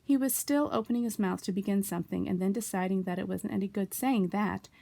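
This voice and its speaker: A woman reading a children's book aloud in a gentle, unhurried storytelling manner. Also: medium pitch, gravelly. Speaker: storybook reader.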